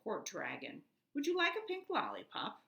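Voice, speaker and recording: A woman's voice: on the high side, huge pitch swings, moderate pace, creaky, fairly bright tone, echoey room, highs cut off, pitched above the performer's own voice, exaggerated voice. A woman voicing a brave, kind little boy who sounds eager and anxious.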